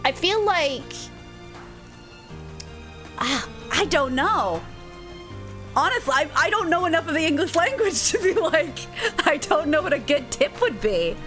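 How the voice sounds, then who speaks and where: A woman's voice: high-pitched, a bit bright. A woman streaming a video game, chatting casually with viewers and laughing often. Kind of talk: casual livestream chat.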